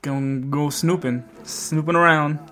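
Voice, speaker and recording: Slow deadpan male player. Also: a little high, soft background music. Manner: terse, deadpan, snarky. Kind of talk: playing a tabletop game.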